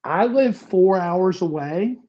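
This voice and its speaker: A man's voice: high-pitched, animated, slow pace, dull audio, pitched above the performer's own voice. A man voicing his fed-up, blunt middle-aged mother, who swears freely, in a retold story. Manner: blunt, profane.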